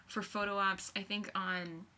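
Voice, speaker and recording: A woman's voice: mid-range voice, level tone, unhurried, sharp tone. A young woman rambling in a casual vlog, gushing and scattered, full of fillers. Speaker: vlogger.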